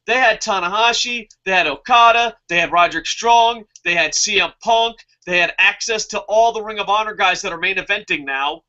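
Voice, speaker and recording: A man with a high, bright voice hosts a casual wrestling review and answers viewer comments. He gets heated and swears freely as he rants. The recording is muffled and lo-fi. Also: moderate pace, few pauses. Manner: heated, profane ranting.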